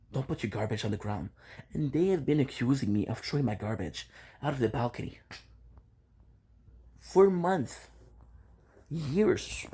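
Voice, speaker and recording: A man's voice: medium pitch, dark tone, breathy edge. An upset man venting about his neighbors in a home vlog, repeating himself and swearing. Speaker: content creator. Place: home balcony.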